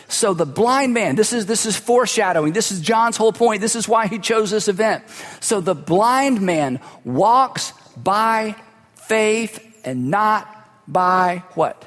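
A man's voice: sits high, lively intonation, unhurried, a bit bright. A man preaching a sermon as a pastor, telling stories in a conversational way with humorous asides. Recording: long hall reverb.

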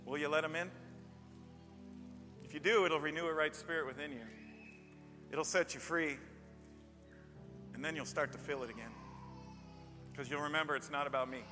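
A male pastor preaching a sermon in a church, telling stories emphatically and building to loud peaks. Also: a little high, normal speed, pauses often. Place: church with a live band. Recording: long reverb of a large hall. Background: faint band music.

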